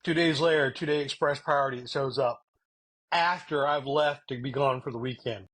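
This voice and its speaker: A man co-hosting a podcast, telling a halting, rambling anecdote in casual chat. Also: medium pitch, a bit bright, slightly rough. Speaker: podcast co-host.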